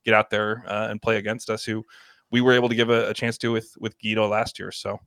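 A man's voice: fairly low pitch, flat delivery, quick pace, vocal fry, fairly bright tone, dry recording. A man co-hosting a casual podcast, easygoing and a bit hesitant. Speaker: podcast co-host. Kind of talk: casual chat.

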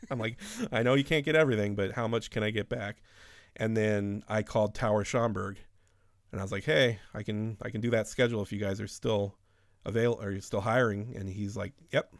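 A man's voice: lowish voice, steady tone, moderate pace, gravelly, dry recording, studio quality. Profane, rambling man in casual chat.

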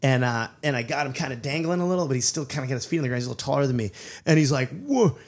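A middle-aged man telling a comic story in conversation, animated and acting out the people in it. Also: mid-range voice, racing. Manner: animated, acts out characters, many restarts. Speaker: comedian, storyteller.

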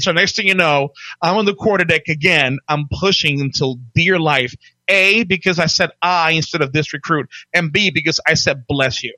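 A man in his forties telling stories in a casual chat, animated, barking out impressions of drill instructors. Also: a little high, moderate pace, no room sound. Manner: animated, acts out drill instructors in loud barks. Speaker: podcast guest telling his life story.

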